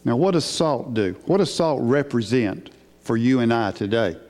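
A man delivers a sermon in a mellow, relaxed voice, emphatic and unhurried, often putting questions to his listeners. His voice carries a long reverb from a large church hall. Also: medium pitch. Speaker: preacher.

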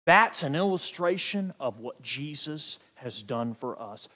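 A male pastor preaching a sermon, swinging from near-shouts to hushed asides. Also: medium pitch, big pitch swings, a little slow, few pauses. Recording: echoey hall with long reverb.

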